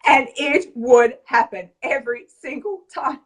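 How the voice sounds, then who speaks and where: A woman coach tells her story in a casual, animated vlog style. Her voice sits on the higher side and carries a chatty, conversational rhythm. She sounds a little distant from the microphone. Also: moderate pace. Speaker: weight-loss coach.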